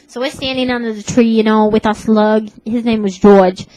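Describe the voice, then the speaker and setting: A woman's voice: a little high, steady tone, a little fast, hardly any pauses, a little mellow, no room sound, low-quality recording. A woman telling a rambling comic story in casual chat, full of fillers. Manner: rambling, lots of "like" and "you know".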